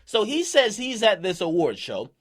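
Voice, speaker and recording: Brash, high, lively-voiced man commentator. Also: normal speed. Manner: brash, profane, streetwise slang. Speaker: hip-hop news commentator. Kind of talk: commentary recapping and reading out an interview.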